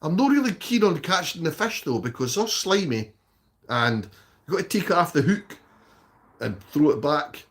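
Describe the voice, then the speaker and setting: A man's voice: fairly high pitch, big pitch swings, moderate pace. Blunt sweary Scottish man. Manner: blunt and sweary, tags "okay?" onto sentences. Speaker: live streamer. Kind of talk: casual chat answering viewer comments.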